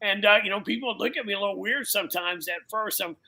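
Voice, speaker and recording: This man speaks high for a male voice, and his tone has a gravelly fry and a sharp, piercing edge. He is a biker pastor giving a casual testimony on a podcast, talking loosely and preachily and peppering every line with "man" and "you know.". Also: fast, rough recording.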